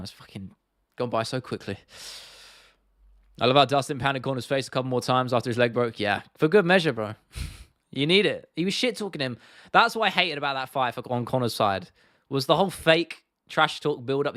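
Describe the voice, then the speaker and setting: A man's voice: mid-range voice, animated, a little fast, fairly bright tone, no echo, clean studio sound. Young British man, casual swearing chat. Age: 20s. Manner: rambling, swears freely, answers viewer comments. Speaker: livestream host.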